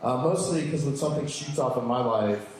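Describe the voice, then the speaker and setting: A man's voice: fairly quick, a crowd in the background. A man performing a stand-up comedy set with a campy, sassy delivery. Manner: campy, sassy punchlines with high squealing voices for quoted lines. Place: comedy club stage. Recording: echoey club with audience noise. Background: audience laughter.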